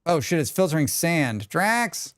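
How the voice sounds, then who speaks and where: A man's voice: on the high side, sing-song, a little slow, dry recording, studio quality. A man streaming a game live, chatting casually with viewers and talking to himself as he plays, rambling and swearing freely. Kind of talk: casual live-stream chat while playing.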